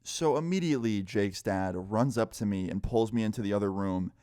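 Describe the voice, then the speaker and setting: A man's voice: fairly low pitch, brisk, no echo, studio quality. Young man telling a swearing storytime. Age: young adult. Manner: animated, swearing, acts out quoted people. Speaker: storyteller vlogger. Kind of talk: casual storytime.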